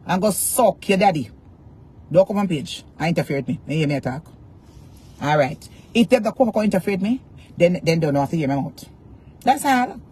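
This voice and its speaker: A woman's voice: fairly low pitch, expressive, a little fast, mellow, breathy edge. A Jamaican woman ranting defiantly to her followers, cursing in Patois and repeating taunts. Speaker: social media personality. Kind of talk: angry rant to camera.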